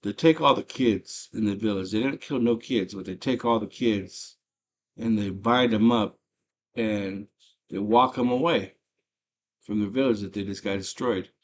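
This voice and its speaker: Host, male, low-pitched voice, casual slangy movie recap, excited storyteller. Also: a little slow. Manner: animated, slangy storytelling with frequent fillers.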